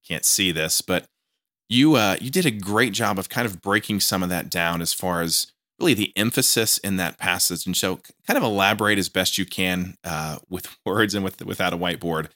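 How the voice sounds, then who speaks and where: A man's voice: low voice, normal speed, pushed and bright, dry recording. A man hosting a podcast in a small studio, interviewing a guest in casual chat, eager and often restarting his words. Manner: enthusiastic, repetitive restarts, stammering on words. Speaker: podcast host.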